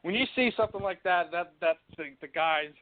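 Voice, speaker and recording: A man's voice: sits high, brisk, dry recording. A man hosting a casual interview, rambling with many fillers and laughing easily. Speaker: podcast host. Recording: tinny phone-like line.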